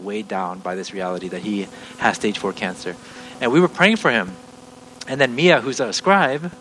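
A man's voice: mid-range voice, fairly bright tone, slight background noise, poor audio. A middle-aged man teaching a sermon, earnest and explaining step by step, often restarting his sentences. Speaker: preacher.

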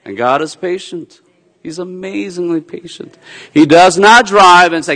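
A man's voice: high voice, lively intonation, measured pace, a bit bright. A middle-aged man, a pastor, preaching a sermon in a conversational way with playful asides. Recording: long hall reverb.

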